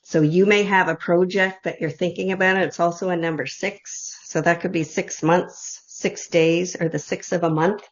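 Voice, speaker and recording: A woman leading an online group reading, speaking softly and heartfelt in loose, run-on phrases. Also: lowish voice, fairly even intonation, moderate pace, hardly any pauses. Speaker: intuitive reader leading an online group session. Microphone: video call. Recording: dull lo-fi video call audio.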